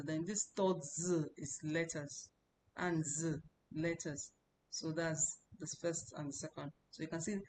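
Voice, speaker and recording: A woman with a low voice teaches a class, repeating each word and drilling the tones over and over. A faint hiss sits under her voice. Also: poor audio. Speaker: language teacher. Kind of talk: classroom lesson.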